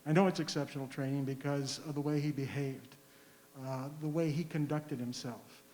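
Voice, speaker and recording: A man giving public comment at a community session, earnest and deliberate, with frequent fillers. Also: medium pitch, steady tone, darkish tone, echoey room, big-room sound, a little hiss or hum. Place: large school hall.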